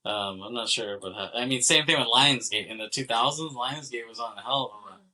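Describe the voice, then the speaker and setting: A man co-hosting a film podcast, rambling loosely through a movie's opening scenes with a laugh never far off. His voice is very bright and sits in an ordinary middle pitch. He keeps slipping into quick quoted lines as he tells it. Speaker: podcast co-host. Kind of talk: casual film discussion.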